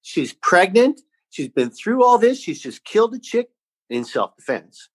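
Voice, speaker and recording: A man co-hosting a casual chat, jokey and animated, with playful interjections. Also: sits high, measured pace, husky. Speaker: podcast co-host.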